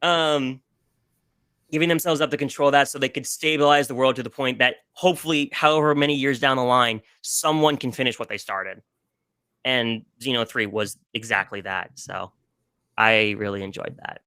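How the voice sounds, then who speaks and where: A man with a bright, clear voice chatting on a podcast, gushing and emotional, often stumbling and restarting. The sound is dry and close, with no room in it. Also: mid-range voice, a little fast, no room sound. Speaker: podcast guest. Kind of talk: casual podcast chat about video games.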